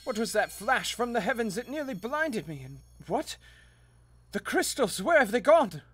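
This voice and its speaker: A man voicing a pompous, melodramatic gentleman adventurer who speaks in florid, old-fashioned phrases. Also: very high voice, big pitch swings, moderate pace, slight background noise. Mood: lamenting.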